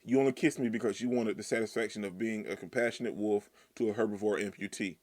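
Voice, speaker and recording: A man reading the lines of a proud, cold young male deer from a manga, flat and clipped. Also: lowish voice, fast talker, no room sound, close to an everyday voice.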